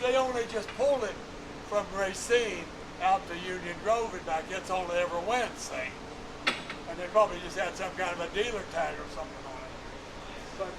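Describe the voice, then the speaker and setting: A man's voice: high voice, background noise. A man in his nineties giving a museum tour, telling folksy stories in a plain-spoken, chuckling way. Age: 90s. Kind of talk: storytelling on a guided tour.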